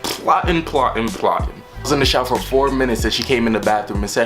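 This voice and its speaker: A young man telling a storytime vlog in an animated way, acting out the voices of the people in his story. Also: mid-range voice, fast, over music. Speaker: vlogger.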